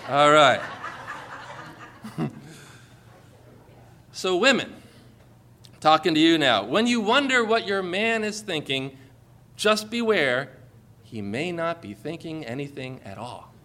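A man's voice: fairly high pitch, big pitch swings, slow, pauses often, bright, forceful tone, a little hiss or hum. A man preaching a sermon to a congregation in a church, joking and calling for amens. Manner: jokey, calls for amens from the congregation. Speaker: pastor.

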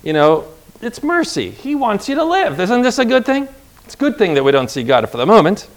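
A man delivering a sermon in a rather high-pitched voice. He talks in a casual, conversational way and keeps asking his listeners questions. His pitch leaps upward whenever he stresses a point. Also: very animated, brisk. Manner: emphatic, voice jumps up on acted pleas. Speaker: preacher.

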